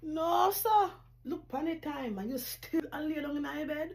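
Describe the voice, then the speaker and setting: A woman playing a scornful Jamaican mother who briskly and sarcastically scolds her lazy child. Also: high voice, a little mellow, a little hiss or hum. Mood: scolding.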